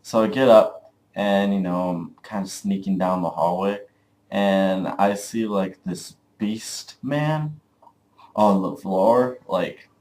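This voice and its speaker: A young man speaking to camera in a fairly low voice, telling a story in a loose, rambling way. He fills every sentence with "like" and swears casually as he goes. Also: takes it slowly, a little mellow. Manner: rambling, full of "like", profane. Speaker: vlogger.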